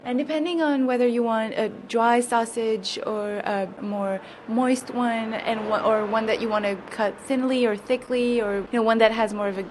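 A woman food writer explaining products during a shop tour in a relaxed, dryly witty way. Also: on the high side, normal speed, hardly any pauses. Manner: relaxed, explanatory, with a dry wit. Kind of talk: guided tour conversation. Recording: noisy on-location recording.

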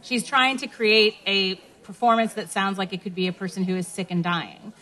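Bright-voiced woman co-hosting a live podcast. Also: mid-range voice, steady tone, normal speed, rough recording. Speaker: podcast co-host. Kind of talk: live podcast panel chat.

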